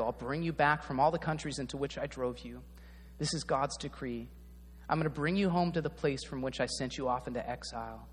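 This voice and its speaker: Pastor with a high voice in a reverberant hall. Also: male voice, slight background noise. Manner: conversational, often asks the audience "right?". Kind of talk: sermon.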